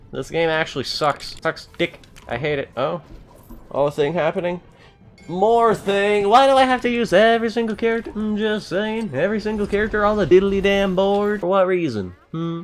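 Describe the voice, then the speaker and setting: A young man giving let's-play commentary, excitable and complaining loudly at the game. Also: mid-range voice. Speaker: gameplay streamer.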